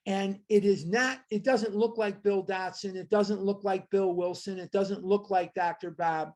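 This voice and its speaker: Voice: mid-range voice, fairly even intonation, unhurried, darkish tone. A study group leader teaching a book study over a video call, talking in an emphatic way and asking rhetorical questions to lead the group.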